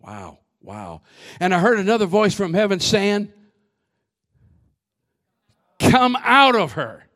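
A man preaching a sermon as pastor, swinging from shouted lines to hushed asides, often repeating and restarting his words. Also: high-pitched, big pitch swings, takes it slowly, long pauses.

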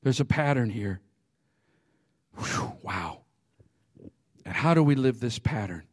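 A man's voice: mid-range voice, slow pace, dry recording, clean studio sound. A man preaching a sermon, telling funny stories with frequent laughs and calling out to the congregation. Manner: animated, laughs often, calls out to the congregation. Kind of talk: sermon with humorous storytelling.

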